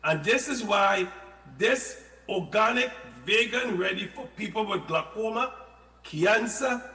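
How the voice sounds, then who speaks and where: A man talks about health in a high, sharp-edged voice, animated and given to playful asides. He sounds echoey, with a long reverb trailing his words. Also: a little slow. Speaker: health product guest. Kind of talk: casual radio-style health talk.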